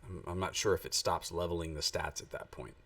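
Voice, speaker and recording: Sitting low and steady, a man's slightly bright voice moves briskly as he plays a game on a live stream. He thinks aloud in casual, rambling chat full of fillers, his voice distant from the mic.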